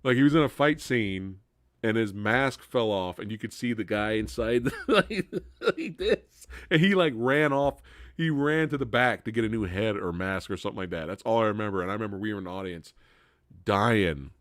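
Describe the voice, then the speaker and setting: Animated man hosting a live chat. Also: lowish voice, brisk, no room sound, clean studio sound. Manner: animated, laughs loudly, swears freely. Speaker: live stream host.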